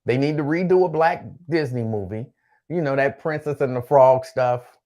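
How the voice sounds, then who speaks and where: A man's voice: medium pitch, normal speed, mellow. Male host for a casual live-stream chat, laid-back, repeats himself, reads viewer names.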